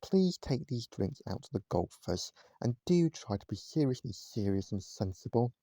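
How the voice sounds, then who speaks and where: A man's voice: medium pitch, very animated, normal speed, dark tone, dry recording. A man voicing a pompous, very formal male restaurant manager in a storybook reading, stiff and over-polite. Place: at home, indoors.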